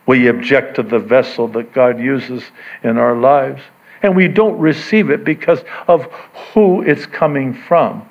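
A man preaching a sermon in a conversational way, breaking into quoted voices and making asides to the congregation. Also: dull audio. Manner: animated, acts out quoted voices with sudden pitch jumps; conversational, self-interrupting with asides. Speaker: pastor.

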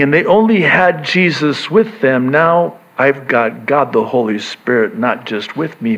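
A man preaching a sermon in a slightly high voice, taking his time over each phrase. He is animated and acts out the voices of the people he quotes. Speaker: pastor.

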